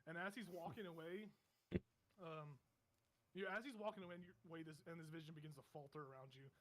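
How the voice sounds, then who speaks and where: A man's voice: on the high side, a little fast, a bit bright, slight background noise. A man narrating a tabletop game as game master, describing scenes vividly in a meandering way full of fillers.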